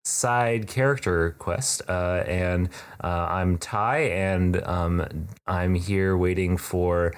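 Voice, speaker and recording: A man's voice: deep voice, fairly even intonation, drawn-out words, clear, resonant tone. A man hosting a podcast in casual chat, rambling and joking with plenty of fillers. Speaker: podcast host. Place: room.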